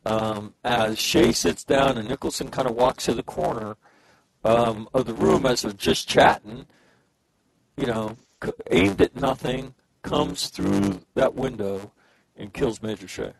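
A man's voice: lowish voice, unhurried, creaky, dry recording, poor audio. A man telling a war story in a casual chat, swearing freely and acting out the dialogue.

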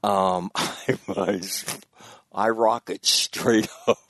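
Deep, gravelly man in his sixties. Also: steady tone, drawn-out words, fairly bright tone, no room sound, clean studio sound. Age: 60s. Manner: rambling, self-correcting storyteller who laughs at himself. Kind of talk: casual anecdote telling.

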